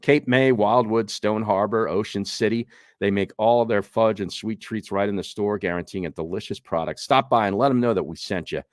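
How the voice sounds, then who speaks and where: A man's voice: on the low side, normal speed, dry recording, studio quality. A man co-hosting a podcast, easygoing, asking questions and reading a sponsor spot. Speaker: podcast co-host. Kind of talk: casual sports talk and ad reads.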